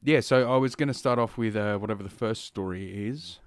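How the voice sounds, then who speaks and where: Talking fairly quickly in a voice on the low side, a slightly breathless man rants alone on his podcast, rambling, crude and very profane. The podcast-mic recording is clean studio audio with no room sound.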